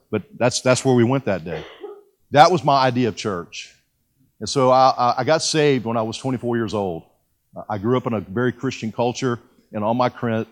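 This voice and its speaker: A man in his fifties preaching a sermon and telling his personal testimony in a folksy, self-deprecating way, with frequent restarts. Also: mid-range voice. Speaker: pastor.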